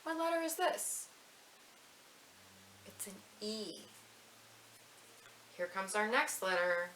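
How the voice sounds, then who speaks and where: A woman leading a family story time at a library, chanting rhymes in a sing-song way, slowly for the snail and fast for the mouse. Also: mid-range voice, big pitch swings, fairly bright tone. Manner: sing-song, reads rhymes slowly and quickly to match the words. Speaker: children's librarian. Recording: echoey room with faint hiss.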